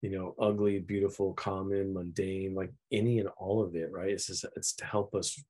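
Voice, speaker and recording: Man, podcast guest, very deep voice, husky, thoughtful, reflective. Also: little pitch movement, moderate pace, darkish tone. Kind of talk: casual chat.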